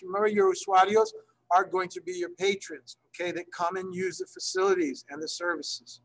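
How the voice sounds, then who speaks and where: A man teaching library staff in an online workshop, checking in often with his class and slowing down to model phrases. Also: high voice, sing-song, vocal fry, poor audio. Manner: checks in often, gives examples slowly. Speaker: Spanish instructor for library staff.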